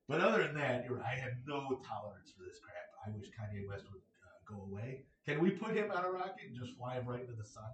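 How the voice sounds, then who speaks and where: A man's voice: medium pitch, lively intonation, quick pace, slight background noise. A middle-aged American man hosting a casual solo podcast, rambling and joking with blunt opinions. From United States. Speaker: podcast host. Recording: echoey room, mic at a distance.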